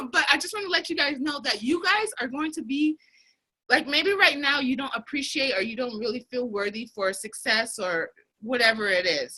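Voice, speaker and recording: Bright-voiced young woman, rambling on a call. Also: high voice, low-quality recording. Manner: rambling, heartfelt, loses her thread. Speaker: co-host of a team video call. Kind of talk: casual motivational chat. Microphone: video call.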